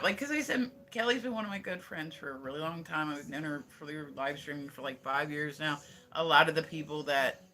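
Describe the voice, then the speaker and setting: A man's voice: a little high, pushed and bright. A man from the United States chatting casually on a livestream, rambling and swearing, with "like" in nearly every sentence. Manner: rambling, profane, heavy use of "like". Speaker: live streamer.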